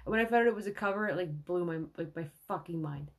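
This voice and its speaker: A woman's voice: on the low side, fast talker. A woman in her thirties hosting a casual livestream, rambling and swearing, with many fillers. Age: 30s. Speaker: livestream host.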